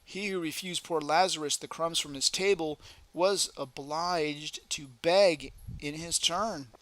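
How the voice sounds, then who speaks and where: A man giving a solemn, deliberate devotional reading aloud. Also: fairly high pitch, sharp tone, low-quality recording. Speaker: reader.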